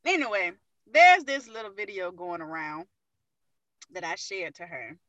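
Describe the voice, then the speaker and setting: Bright-voiced woman telling a story. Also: fairly low pitch, unhurried, dry recording. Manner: profane, laughing, animated retelling. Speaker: podcast co-host. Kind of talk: casual chat, storytelling.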